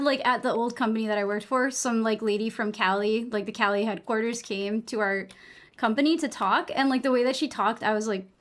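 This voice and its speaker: A young woman with a New England accent chatting casually while gaming on a live stream, rambling, saying "like" a lot and swearing freely. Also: on the high side.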